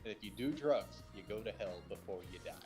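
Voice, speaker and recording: A man's voice: on the low side, a little fast, mellow, faint music behind, rough recording. A man making dry, sarcastic remarks while chatting on a game stream through a phone. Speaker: stream co-host. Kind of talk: casual chat over gameplay. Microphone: phone over voice chat.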